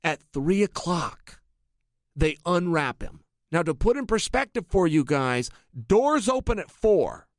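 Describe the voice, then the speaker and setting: A middle-aged man and MMA analyst, telling an energetic anecdote and talking straight to his listeners. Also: high voice, unhurried, no room sound, clean studio sound. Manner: energetic, addresses listeners directly. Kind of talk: animated anecdotal storytelling.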